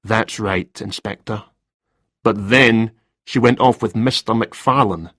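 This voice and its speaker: A flustered, hesitant middle-aged writer who rambles defensively, as a male reader voices him. The tone is husky, read close in a dry room. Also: on the low side, slow pace, fairly bright tone, no echo. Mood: subdued.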